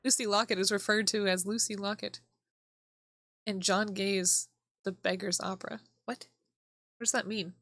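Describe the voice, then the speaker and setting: A woman's voice: mid-range voice, fairly even intonation, normal speed, pauses often, fairly bright tone, a little hiss or hum. A woman streamer casually commenting on a game, in a blunt, sweary, amused manner. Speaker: VTuber streamer. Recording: background music.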